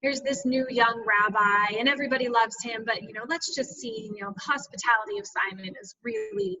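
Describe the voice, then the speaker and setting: A woman author speaks in a bright, slightly high voice, earnest and reflective, with plenty of "you know" fillers. She sounds a little far from her mic, as on a video call. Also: lively intonation, a little fast, dull audio. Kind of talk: reflective personal storytelling in an interview. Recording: distant video call audio.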